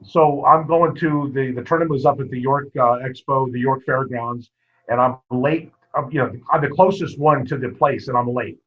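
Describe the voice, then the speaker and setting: Husky-voiced man telling coaching stories. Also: mid-range voice, moderate pace, hardly any pauses. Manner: animated anecdote-telling with quoted dialogue. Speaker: wrestling coach, guest. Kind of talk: casual storytelling interview. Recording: muffled lo-fi podcast audio.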